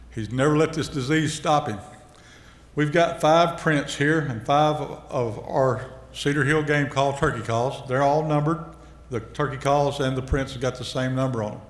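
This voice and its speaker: A man emceeing a ceremony, speaking to a seated audience in a plain, folksy, heartfelt way. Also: mid-range voice. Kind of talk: addressing a banquet audience. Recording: reverberant hall over a PA.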